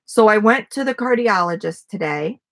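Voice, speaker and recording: A woman's voice: mid-range voice, animated, moderate pace, a bit bright. A middle-aged woman chatting casually on a livestream from a front yard, rambling with many fillers and restarts. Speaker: vlogger.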